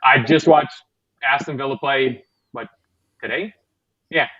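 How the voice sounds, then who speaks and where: A man's voice: mid-range voice, unhurried, highs cut off, a crowd in the background. A man chatting casually as a fan panelist, jokey and thinking aloud. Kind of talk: casual chat.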